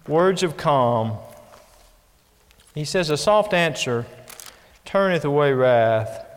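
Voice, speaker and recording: A man delivers a folksy sermon, leaning on homely examples and direct questions to the listeners. His voice sits a little high and swings between loud emphasis and near-hushed softness. The sound carries a long reverb, as from a church hall. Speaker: preacher.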